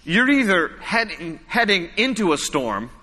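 Bright-voiced pastor preaching in a hall. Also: male voice, sits high, big pitch swings, unhurried. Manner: conversational, repeats phrases for emphasis. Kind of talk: sermon.

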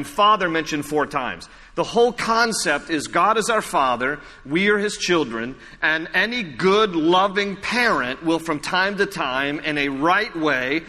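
A man preaching a sermon as a pastor, telling stories with asides and chuckling at himself. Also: sits high. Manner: animated storytelling with asides and self-deprecating laughs. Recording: echoey hall reverb.

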